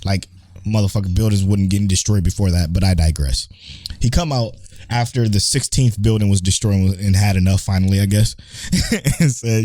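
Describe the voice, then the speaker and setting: A man co-hosting a podcast in a casual anime chat, excitable and profane, acting out characters' lines. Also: lowish voice, moderate pace, no room sound. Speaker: podcast co-host.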